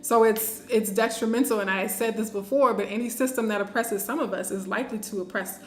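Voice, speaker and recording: A woman hosting a live-streamed talk, animated, laughing often and reading viewer comments aloud. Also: a little high, a little fast, reverberant, a little hiss or hum. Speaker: host.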